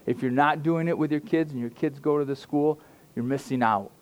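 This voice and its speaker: Chatty, slightly high-voiced male preacher. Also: fairly quick, a little mellow. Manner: conversational, self-deprecating, many restarts and fillers. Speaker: pastor. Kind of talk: informal sermon.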